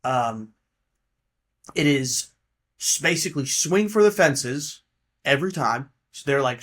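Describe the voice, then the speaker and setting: A man's voice: medium pitch, expressive, unhurried, long pauses, a bit bright. Rambling, offhand man hosting a podcast. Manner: rambling, offhand, swears casually. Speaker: podcast host. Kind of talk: casual solo monologue.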